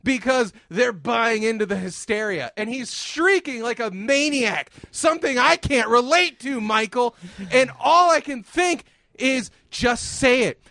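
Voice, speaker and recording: A man hosting a podcast, ranting with lots of profanity and often breaking into shouts. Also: extremely high pitch, animated, a little slow, creaky, no echo. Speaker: podcast host.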